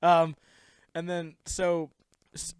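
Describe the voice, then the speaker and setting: A man's voice: fairly high pitch, monotone, takes it slowly, smooth, no echo, clean studio sound. A young man co-hosting a podcast, telling a story in a rambling, laughing way and acting out quotes in silly voices. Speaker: podcast co-host. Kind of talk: casual chat, storytelling.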